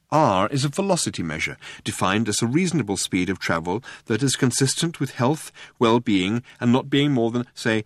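Male audiobook narrator, low voice, dry and close. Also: fairly bright tone, dry recording. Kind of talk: scripted narration.

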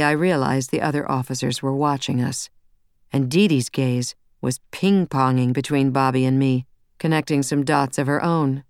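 Low, smooth woman narrating a novel. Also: no room sound, clean studio sound. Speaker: audiobook narrator. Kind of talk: first-person novel narration.

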